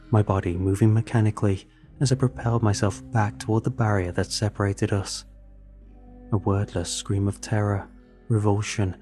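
Low, mellow male horror narrator. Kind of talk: scripted first-person horror narration. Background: faint background music.

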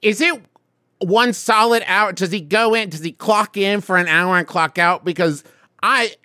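A man's voice: high voice, normal speed, bright, forceful tone, no room sound, clean studio sound. A man co-hosting a comedy podcast, riffing playfully in casual banter. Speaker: podcast co-host.

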